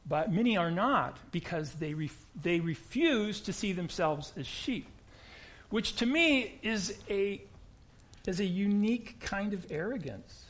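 Male pastor with an American accent and a high, light voice; talks through his sermon plainly and often repeats himself at the start of a phrase. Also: fairly bright tone. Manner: conversational, repeats words when starting sentences.

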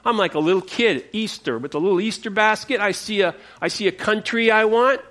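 A man's voice: high-pitched, fairly quick, fairly bright tone. A preacher voicing a gloating conqueror king. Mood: boastful. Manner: gloating, childlike bragging. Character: boastful ancient male conqueror king.

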